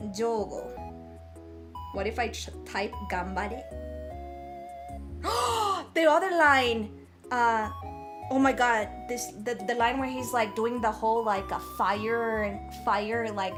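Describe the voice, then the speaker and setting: A woman streamer chatting casually while she cooks, giggling often and gushing and swearing freely. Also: fairly high pitch. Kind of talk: casual livestream chat while cooking. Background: background music.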